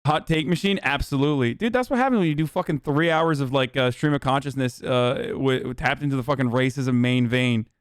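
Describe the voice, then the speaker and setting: A man's voice: mid-range voice, fairly quick, hardly any pauses, clear, resonant tone, no echo, studio quality. A young man streaming, giving profane and sarcastic commentary on a radio clip he is reacting to. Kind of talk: casual livestream commentary.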